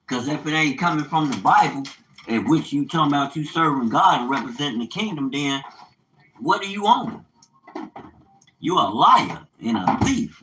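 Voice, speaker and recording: A man's voice: medium pitch, fairly bright tone, echoey room, poor audio. An older man in an unscripted monologue, ranting in a profane, preachy way and quoting scripture with fire. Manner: quotes scripture, fiery preaching tone. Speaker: vlogger.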